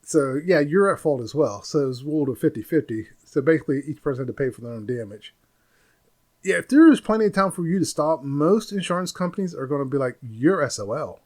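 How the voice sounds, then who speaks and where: A man hosting a podcast, talking through his opinions in a loose, rambling solo monologue, and popping into a louder, higher voice when he quotes people. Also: expressive, quick pace. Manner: rambling, opinionated, mimics others in raised voice. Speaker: podcast host. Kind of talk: casual monologue.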